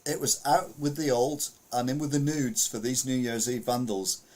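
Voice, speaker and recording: A British man hosts a casual news podcast in a steady, slightly mellow voice of medium pitch and moderate pace. He reads out stories while sharing his screen, rambling, chuckling and muttering asides to himself.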